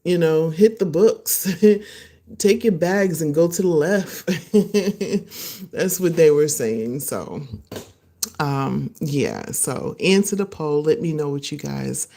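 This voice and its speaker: A woman hosting her own podcast, chatting casually and excitedly to live viewers, laughing often and acting out what others said. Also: deep voice, takes it slowly, gravelly. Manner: animated, laughing, acts out voices of others. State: excited and a little nervous. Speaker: podcast host. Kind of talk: casual solo livestream chat.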